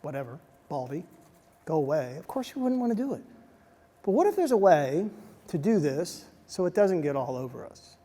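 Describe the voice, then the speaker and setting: A man giving a motivational talk to soldiers, telling stories in an animated way and dropping to a soft hush at emotional moments. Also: sits high, moderate pace. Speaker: speaker addressing soldiers. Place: large hall on a military base. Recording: long reverb of a large hall.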